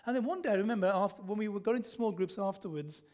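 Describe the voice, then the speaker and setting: A man's voice: high-pitched, very fast, a little mellow. A middle-aged man preaching a sermon in a church, telling stories and asking the congregation questions that he answers himself. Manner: storytelling, asks the congregation questions and answers them. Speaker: pastor.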